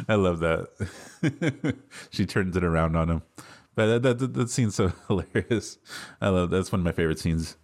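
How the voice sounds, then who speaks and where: A man's voice: low-pitched, expressive, a little slow, pauses often, a little mellow. A man hosting a casual film review podcast, laughing often as he retells scenes. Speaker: podcast host.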